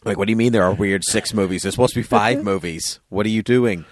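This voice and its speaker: A man hosts a laid-back podcast, talking quickly in a very deep voice as he chats casually, laughs a lot, and gently ribs his co-host. The recording is dry and close-miked, with no echo from the room.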